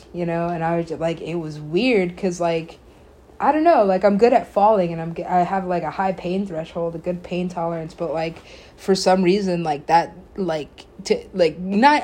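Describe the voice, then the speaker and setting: A woman's voice: fairly low pitch, darkish tone. A woman hosting a podcast, telling a personal story in a rambling casual way, full of filler words, swearing and frequent laughs. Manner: laughs often while telling. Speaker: podcast host.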